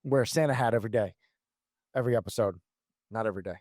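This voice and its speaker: In this casual podcast chat, the co-host, a man in his thirties, talks rapid-fire in a lowish, slightly mellow voice, rambling, swearing, restarting often and laughing. The recording is clean studio sound with no room sound.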